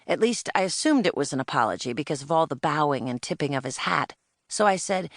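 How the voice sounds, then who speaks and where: A woman's voice: deep voice, expressive, brisk, no echo, studio quality. A woman narrating a children's audiobook in first person, telling it in the plain-spoken voice of a spirited young girl.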